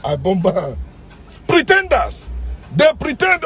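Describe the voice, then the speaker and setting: A man with a Nigerian English accent hosting his channel in a ranting monologue, swinging between loud outbursts and low muttering. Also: lively intonation, moderate pace, husky, soft background music. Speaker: channel host.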